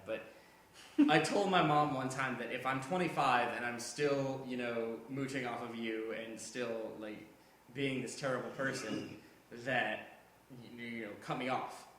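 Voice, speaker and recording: A man's voice: medium pitch, a bit bright, slight background noise. Swearing young man in a roomy space. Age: 20s. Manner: swears a lot, rambling with restarts. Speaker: podcast host. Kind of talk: casual chat.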